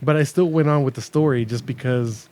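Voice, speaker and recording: Animated, cursing podcast co-host, male. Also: medium pitch, brisk. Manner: animated, profane storytelling. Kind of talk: casual podcast chat.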